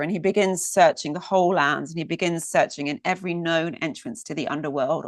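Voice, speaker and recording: A woman's voice: deep voice, steady tone, fairly quick, hardly any pauses, no echo. A woman telling a myth as a storyteller, lingering and repeating words for emphasis. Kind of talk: mythic storytelling.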